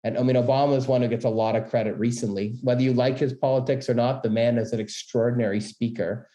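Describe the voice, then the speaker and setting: A middle-aged man, a business school dean, giving an energetic, quick-paced webinar talk on presenting. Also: mid-range voice. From Canada. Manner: fast, energetic talker with many quick asides. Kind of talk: presentation tips lecture. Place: room, webinar. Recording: roomy echo.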